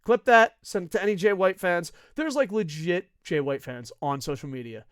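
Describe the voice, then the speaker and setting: A man's voice: high voice, moderate pace, smooth, no echo, studio quality. A man hosting a wrestling talk stream, ranting sarcastically and with lots of swearing. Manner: profane, sarcastic, animated. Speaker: wrestling show host. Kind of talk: casual rant to camera.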